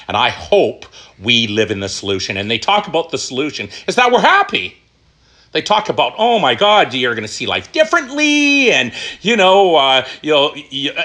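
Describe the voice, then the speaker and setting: A middle-aged man telling his recovery story, emphatic and animated, asking questions and answering them himself. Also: medium pitch. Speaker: recovery speaker. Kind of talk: personal testimony talk.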